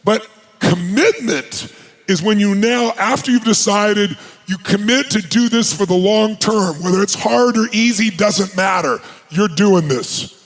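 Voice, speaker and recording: A man giving a live motivational seminar who fires rhetorical questions at the audience and swings from low intensity to shouted hype. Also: rough recording. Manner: rapid-fire rhetorical questions, commanding the crowd. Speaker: motivational speaker.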